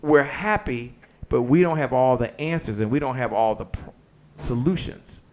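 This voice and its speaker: A man's voice: mid-range voice, expressive, normal speed, a little mellow. A man hosting a live online business show, talking with energy and leading the audience in call-and-response declarations like a preacher. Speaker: host. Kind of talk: live-stream motivational talk.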